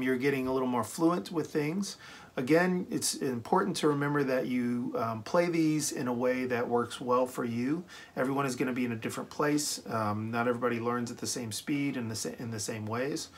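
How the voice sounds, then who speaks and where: A man giving a relaxed, encouraging snare drum lesson, with many ums and okays. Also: medium pitch, moderate pace, music in the background. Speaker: drum teacher. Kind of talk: casual instructional talk.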